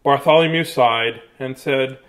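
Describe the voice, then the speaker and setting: A man's voice: mid-range voice, unhurried. A man reading his own picture book aloud to children in a sing-song, playful way, then chatting casually about it. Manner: sing-song, playful, drops to soft hush at endings. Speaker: children's book reader and author.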